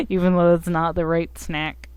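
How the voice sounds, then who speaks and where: Give me a giggly, slow-talking woman streamer. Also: fairly low pitch, a little mellow, clean tone, no room sound. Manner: giggly, self-mocking, rambling. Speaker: game streamer. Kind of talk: casual live-stream chat.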